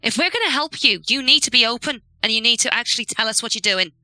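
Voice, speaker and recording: A woman's voice: a little high, animated, fast, bright, forceful tone, no echo, poor audio. A woman voicing a distrustful young adventurer in a tabletop game, blunt and resentful.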